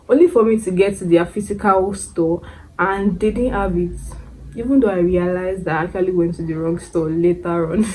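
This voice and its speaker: Chatty Nigerian woman, mellow voice. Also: lowish voice, a little hiss or hum, rough recording. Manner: expressive, repeats words for emphasis, laughs often. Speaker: beauty vlogger. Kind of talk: casual chat to camera.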